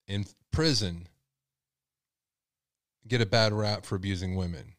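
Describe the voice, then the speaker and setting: Man, podcast host, low voice, dry close sound, sarcastic, quick to jump between points. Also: fairly bright tone, no room sound. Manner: sarcastic, jumpy, talks straight to listeners. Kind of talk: casual true-crime commentary.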